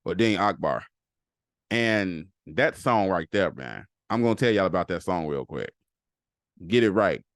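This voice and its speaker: A man, low in pitch, riffs casually on a podcast. He talks loosely and keeps repeating phrases for emphasis. The sound is dry and close to the mic. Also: lively intonation, moderate pace, dry recording. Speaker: podcast host. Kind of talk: casual solo podcast talk.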